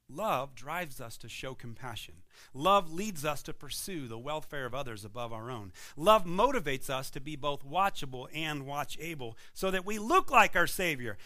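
A man preaching a sermon as pastor, building emphatic points and dropping to quiet moments. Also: a little high. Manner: emphatic preaching with rising and falling intensity.

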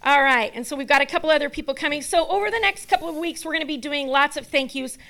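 High-voiced woman making church announcements. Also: fast talker. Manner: chatty, laughing, warm thank-yous. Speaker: pastor's wife. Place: church hall.

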